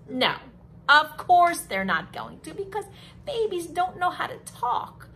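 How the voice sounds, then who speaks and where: A young woman teaching young children, talking slowly and in a sing-song way, as if to a class of small kids. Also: high-pitched, a little hiss or hum. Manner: animated, sing-song, slow and drawn out for kids. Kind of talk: children's lesson.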